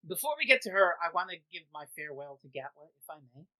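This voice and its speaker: Excitable bright-voiced woman podcaster. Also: fairly low pitch, fast, rough recording. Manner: excitable, swears freely, repeats herself. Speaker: podcast co-host. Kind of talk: casual chat.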